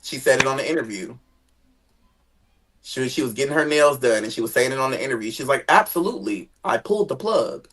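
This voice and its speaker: A guest chatting casually about family drama, animated, jumping into high dramatic tones and swearing freely. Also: quick pace, pauses often. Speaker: guest sharing family stories. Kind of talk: casual gossip chat.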